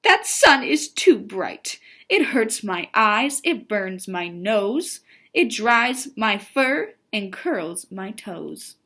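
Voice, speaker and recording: A woman voicing a grumpy female mole who complains loudly about the sun in a read-aloud storybook. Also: medium pitch, very animated, drawn-out words, exaggerated voice. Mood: cranky.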